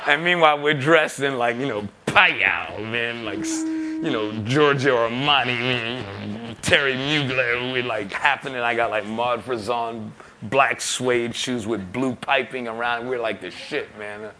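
A man with a bright, forward voice tells a funny story from his early music days. He talks in an animated way, breaking into laughs and acting out the people in his story. A faint guitar is heard behind him. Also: mid-range voice, unhurried, slight background noise. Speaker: musician and record producer. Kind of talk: telling an anecdote.

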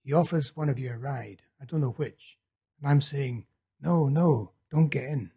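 A man reading the part of a feverish young man urgently telling a vision, in a husky voice. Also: medium pitch, normal speed, mellow. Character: feverish young male prophet, intense and urgent.

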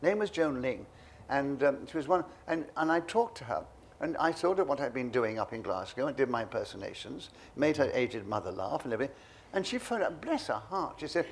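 A man's voice: medium pitch, fairly quick, vocal fry, a little hiss or hum. An older man being interviewed, telling anecdotes and acting out the voices of people in his stories. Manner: lively storyteller, acts out voices. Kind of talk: reminiscing anecdotes.

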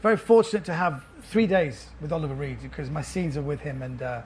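A man with a London accent telling a comic anecdote on stage at a festival, animated, with stammered restarts. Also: fairly high pitch, brisk, a little hiss or hum. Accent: London English. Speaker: author and comedian guest. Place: festival venue before a laughing audience.

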